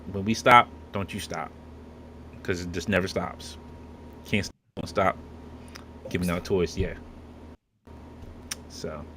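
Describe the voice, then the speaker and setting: A man's voice: low-pitched, fairly bright tone, a little hiss or hum. A man hosting a casual podcast, joking and rambling with many restarts. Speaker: podcast host. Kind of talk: casual chat.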